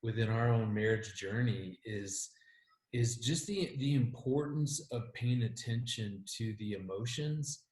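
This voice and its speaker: A man's voice: on the low side, unhurried. Middle-aged man in an echoey room. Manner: animated storyteller with frequent restarts and laughs. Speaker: marriage expert guest. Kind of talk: conversational interview. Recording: roomy echo.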